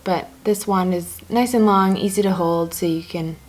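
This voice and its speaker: A woman's voice: lowish voice, normal speed, darkish tone, faint music behind. A woman casually talking through her makeup routine step by step, chatty and joking as she goes. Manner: chatty, self-narrating each step; joking asides. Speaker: beauty blogger.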